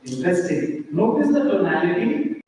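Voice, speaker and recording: A man's voice: sits high, very animated, mellow. A man performing a playful stage mentalist act, teasing and directing audience volunteers. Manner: playful, teasing, gives quick commands. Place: large indoor auditorium stage. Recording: echoey hall from far off.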